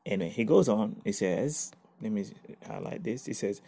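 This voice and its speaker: Male preacher, casual devotional teaching, low-pitched, warm and mellow, earnest with emphatic bursts. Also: fairly quick, creaky, breathy edge. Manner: earnest, animated bursts of emphasis, reads scripture aloud.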